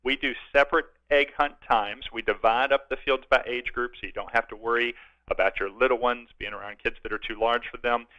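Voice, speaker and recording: A man's voice: medium pitch, steady tone, brisk, no echo. A man promoting upcoming events as a guest on a radio show, talking in an upbeat, friendly way. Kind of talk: casual radio interview. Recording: dull lo-fi radio sound.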